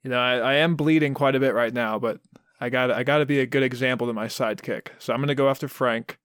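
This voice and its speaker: A man's voice: medium pitch, fairly even intonation, fast, a bit bright, clear, resonant tone, dry recording, studio quality. Self-mocking man playing a tabletop game. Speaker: player.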